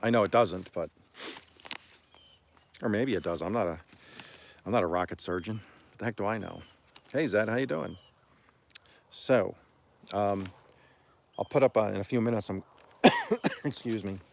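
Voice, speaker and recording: A man from Oklahoma hosting a homestead livestream, telling stories in a rambling, folksy way and often clearing his throat. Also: fairly low pitch, normal speed, long pauses. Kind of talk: casual storytelling on a livestream.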